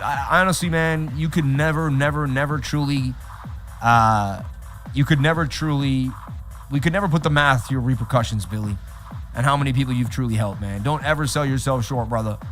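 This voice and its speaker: A man hosting a live trading stream, talking straight to his chat in an animated, repetitive way. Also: medium pitch, a little fast, faint music behind. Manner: animated, repeats himself, talks straight to chat. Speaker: livestream host. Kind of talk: casual livestream chat.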